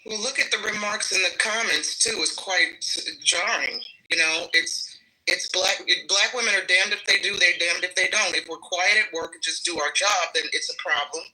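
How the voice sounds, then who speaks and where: A woman's voice: on the low side, moderate pace, bright, forceful tone, rough recording. Firm woman answering chat comments. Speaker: livestream panel guest. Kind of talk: commentary in a live discussion.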